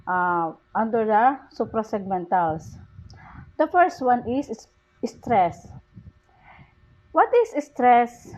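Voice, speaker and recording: A woman reads a lesson aloud slowly and haltingly, restarting words as she goes. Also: mid-range voice, darkish tone, muffled recording. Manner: slow, halting delivery with restarts.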